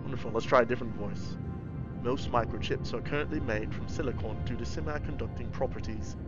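A man hosting a livestream, giving casual game commentary in an excitable, goofy way and thinking aloud. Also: mid-range voice, brisk, highs cut off, over loud music. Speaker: livestream host.

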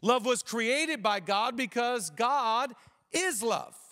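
A man with a high voice delivers a sermon in a relaxed, conversational way, often repeating himself and slipping in jokes. A long reverb from the church auditorium trails behind his words. He sounds middle-aged. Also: takes it slowly. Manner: conversational preaching with repetitions and jokes. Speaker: pastor.

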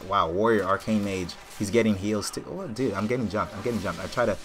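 A man hosting his own gaming channel, rambling through excited live commentary and trash-talking opponents as he plays. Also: fairly low pitch, fast.

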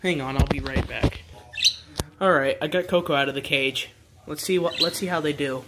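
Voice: medium pitch, moderate pace, noisy background. A pet vlogger at home by the birdcages, coaxing the birds in casual, sing-song baby talk.

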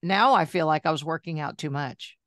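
A talkative woman in her sixties with a fairly low voice tells her story as an interview guest. She chats in a lively way and slips in asides. Her voice sounds dry and close, with no room around it. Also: brisk, no echo. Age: 60s. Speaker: guest, journalist and health coach.

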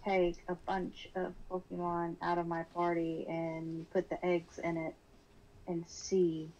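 A woman's voice: on the low side, monotone, slow pace, a little mellow, muffled recording. A woman guest on a casual stream, chatting in an easygoing, giggly way.

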